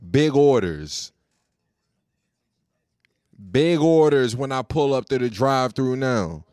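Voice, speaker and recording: A man's voice: mid-range voice, animated, slow pace, a little mellow, smooth, dry recording, clean studio sound. A man hosting his own podcast solo, chatting in a laid-back, slangy way with plenty of cursing. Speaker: podcast host. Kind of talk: casual solo podcast chat.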